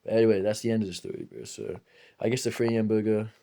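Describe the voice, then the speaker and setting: A young man with a somewhat low voice tells a long, rambling story while playing a game. He is loose and casual, swears freely, and keeps dropping "bro" into every other line. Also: fairly even intonation, fast talker, mellow, a little hiss or hum. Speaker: gaming streamer.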